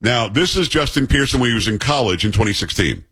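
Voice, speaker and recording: Blunt man with a husky voice. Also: medium pitch, lively intonation, fast talker, fairly bright tone. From New York. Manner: blunt, sarcastic, conversational. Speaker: host. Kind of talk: political commentary.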